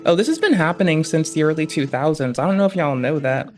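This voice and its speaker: A man's voice: fairly high pitch, fast talker, darkish tone. A man streaming casual commentary, rambling and digressive with heavy slang and swearing. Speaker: streamer reacting to a debate.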